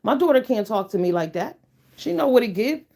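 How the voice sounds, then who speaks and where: Speaking briskly in a fairly high, expressive voice that is creaky yet warm, a middle-aged YouTuber tells her viewers a story. It comes out as a casual, emphatic rant, blunt and full of profanity.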